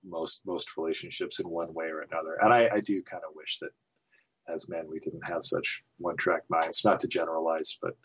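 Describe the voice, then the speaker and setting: A man's voice: sits low, level tone, a little fast, a bit bright, breathy edge, highs cut off. A man co-hosting a podcast, musing hesitantly about a film as he thinks aloud. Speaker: podcast co-host. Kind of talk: casual film discussion.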